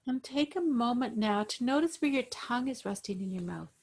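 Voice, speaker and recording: A woman yoga instructor gently guiding breathing exercises over a video call. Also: a little high, expressive, breathy edge. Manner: slow, gentle, soothing guidance.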